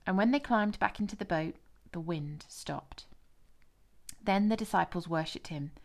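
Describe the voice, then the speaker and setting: A woman narrating a scripture passage in a measured, expressive reading. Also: on the low side. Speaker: scripture reader.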